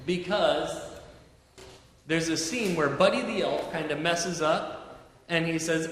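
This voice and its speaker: High-voiced pastor in an echoey church. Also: male voice, takes it slowly, pauses often. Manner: chatty, gentle, talks to children with questions. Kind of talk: children's moment in a church service. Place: church sanctuary. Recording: very echoey church hall, faint noise.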